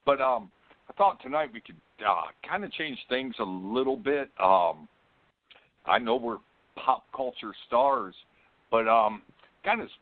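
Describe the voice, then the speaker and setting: A man in his forties talking as a co-host in a casual chat, relaxed and hesitant. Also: mid-range voice, unhurried, dry recording. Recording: dry, tinny phone-line sound.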